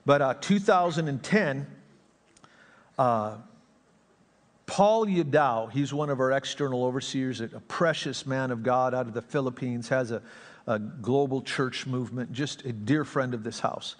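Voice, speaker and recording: A man's voice: mid-range voice, unhurried. A male pastor preaching a sermon, telling stories with jokes and dropping his voice for asides. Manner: joking, storytelling, drops voice for asides. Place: church sanctuary. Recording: long reverb of a church sanctuary.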